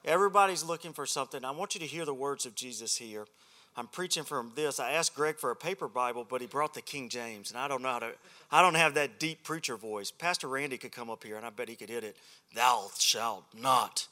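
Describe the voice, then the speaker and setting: A man's voice: mid-range voice, fast talker, sharp tone. A man preaching a humorous sermon at a men's ministry, a self-deprecating and joking storyteller.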